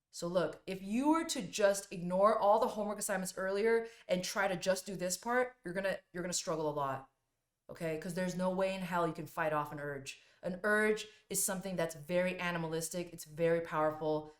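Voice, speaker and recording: In a blunt, emphatic motivational talk, a woman with a fairly low-pitched voice coaches viewers through recovery from binge eating. She repeats her points and swears now and then.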